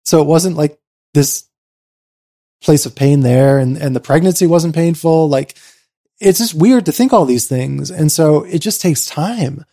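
A man with a fairly high, mellow voice tells a personal story as an interview guest. He talks animatedly, surging with excitement and then dropping into soft, reflective passages. His speech is full of "like" fillers. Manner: animated, swings from excited rushes to quiet reflective lows; frequent "like" fillers.

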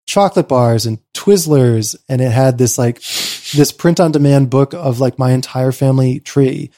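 A man telling a personal story in an interview, swinging between excited rushes and quiet reflective lows, with lots of "like" fillers. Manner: frequent "like" fillers. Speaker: interview guest.

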